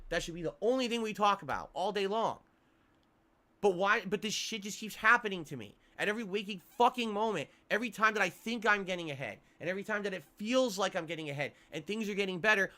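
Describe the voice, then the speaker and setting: A man's voice: high-pitched, a little fast, sharp tone. A male streamer venting to his viewers on a livestream, angry and profane, repeating himself as he rants.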